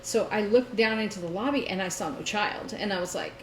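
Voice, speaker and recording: Animated woman telling a story in a roomy space. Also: medium pitch, a little fast. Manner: animated storyteller, laughing often. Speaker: podcast co-host. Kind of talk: casual chat. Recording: roomy echo, faint noise.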